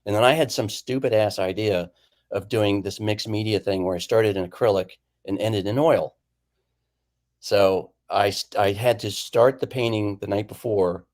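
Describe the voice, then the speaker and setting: Male painter guest, lowish voice, chatty and animated anecdote teller. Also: moderate pace. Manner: animated storyteller who acts out quoted lines. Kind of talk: casual storytelling chat.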